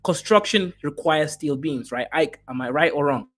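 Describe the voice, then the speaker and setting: A man hosting an online panel discussion, talking fast and emphatically with casual slang. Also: on the high side, lively intonation, a bit bright. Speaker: host.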